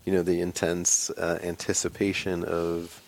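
Co-host: man, very deep, gravelly, thoughtful questioner. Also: monotone, unhurried, low-quality recording. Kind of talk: interview hosting.

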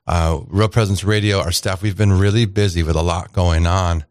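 A man hosts a radio talk show in a lowish voice. He talks in a loose, rambling way, full of fillers and restarts. The studio sound is dry and close, with no room echo. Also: steady tone, moderate pace, darkish tone, smooth. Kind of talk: casual radio chat.

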